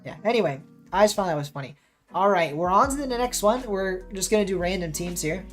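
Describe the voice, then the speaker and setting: With lively intonation and a fairly quick pace, a medium-pitched American woman chats with her audience while playing a match. She is a streamer and caster, reacting to gameplay and chat as soft background music plays.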